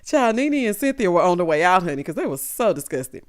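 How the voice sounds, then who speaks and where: A woman's voice: on the low side, sing-song, brisk. A woman hosting a casual reality TV recap, telling it with sassy, dramatic flair and lots of 'honey' and 'child'.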